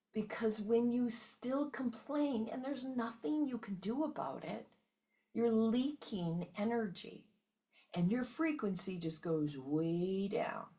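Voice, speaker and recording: A woman hosting a motivational wellness talk, emphatic and often checking in with her listeners. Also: medium pitch. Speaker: wellness coach and host.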